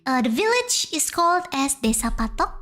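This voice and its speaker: A woman's voice: sits high, big pitch swings, normal speed, a bit bright. A young woman with an Indonesian accent, whose first language is Indonesian, hesitantly retells a folk tale on stream in English, translating as she goes.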